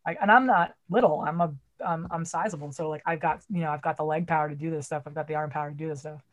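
A woman in her forties from Massachusetts with a Massachusetts accent, a theater rigger talking loudly and bluntly and swearing a lot in casual podcast chat. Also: low voice, fairly even intonation, fast talker. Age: 40s.

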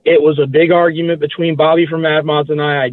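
A man's voice: on the high side, flat delivery, fast, no echo. A man, a guest in a casual interview, recalling things in a rambling way and correcting himself as he goes. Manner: rambling, self-correcting recollection. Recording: tinny phone-like line, dry.

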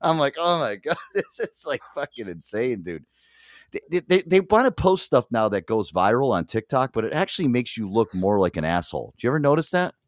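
A man's voice: medium pitch, fairly quick, no echo, clean studio sound. A man co-hosting a podcast, telling stories in casual chat with lots of swearing and acted-out quotes. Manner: animated storytelling, swears a lot, acts out quotes. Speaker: co-host.

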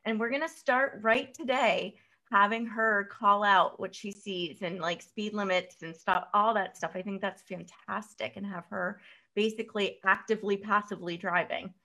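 A woman's voice: medium pitch, fairly even intonation, normal speed, pushed and bright, rough recording. A woman hosting an interview, encouraging and full of filler words as she asks questions. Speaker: host. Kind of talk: interview host, parent.

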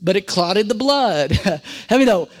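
A man with a high-pitched voice preaching to his congregation in a church. He calls for amens, has the room repeat phrases after him, and mixes in jokes and rhetorical questions. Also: normal speed. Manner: lively call-and-response preaching, prompts congregation to repeat; humorous asides and rhetorical questions. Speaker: pastor. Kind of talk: sermon. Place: church sanctuary.

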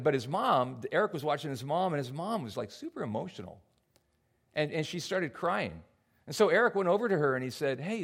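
An older man preaching a sermon as a pastor, often repeating words as he restarts and acting out quoted voices. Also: medium pitch. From United States. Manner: animated, acts out quoted voices. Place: church hall before a congregation.

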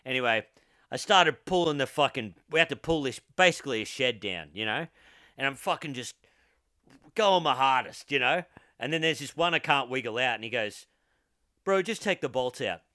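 A man on a podcast telling work stories with loose swearing and a tag of "right?" on many lines. His voice is bright and crisp. It sounds dry and close-miked. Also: medium pitch, lively intonation, normal speed, no room sound. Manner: laughing, swearing storyteller, says right and man a lot. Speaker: podcast co-host. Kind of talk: casual chat.

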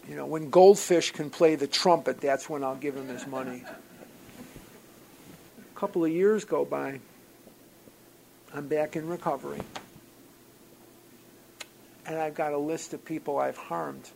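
A man telling a personal story to a group at a recovery gathering, in an animated, wry way that swings from loud outbursts to quiet asides. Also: a little high, measured pace, gravelly, pauses often, slight background noise, poor audio. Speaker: speaker sharing at a recovery program gathering.

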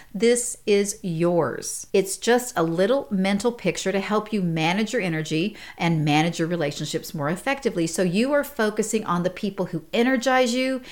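Chatty middle-aged woman sharing stories. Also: mid-range voice. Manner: warm storytelling, laughs often. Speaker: podcast host. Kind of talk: casual advice talk.

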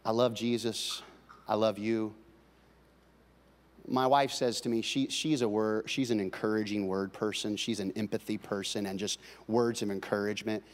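A male pastor preaching a sermon, swinging between loud, driving passages and quiet, confiding talk with his congregation. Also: on the low side, level tone, moderate pace. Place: large church hall. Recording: long hall reverb.

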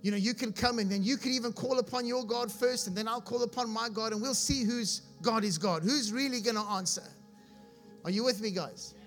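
A man's voice: very high voice, brisk, a bit bright, soft background music. A man preaching, reading scripture aloud and explaining it with humor, often asking if his listeners follow. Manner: asks his audience if they follow. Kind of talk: sermon.

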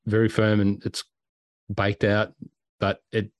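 A man's voice: lowish voice, takes it slowly, no echo. A man with an Australian accent, a podcast host telling travel stories in casual chat, acting out quotes and sounds. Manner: animated, acts out quotes and sounds. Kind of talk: casual storytelling.

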